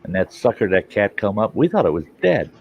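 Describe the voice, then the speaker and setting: Casting: low-voiced man, casual rambling storyteller, salty and laughing, lo-fi recording. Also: big pitch swings, brisk, creaky. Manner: rambling, laughs a lot, folksy and profane. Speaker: host. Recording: dull lo-fi sound with faint hiss.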